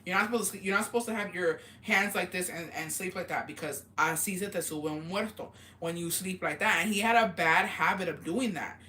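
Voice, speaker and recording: A woman's voice: lowish voice, fairly quick, hardly any pauses. A woman hosting a casual livestream chat, telling stories animatedly, swearing freely and laughing often. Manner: animated storytelling with lots of fillers. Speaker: livestream host. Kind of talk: casual livestream chat, reading viewer comments.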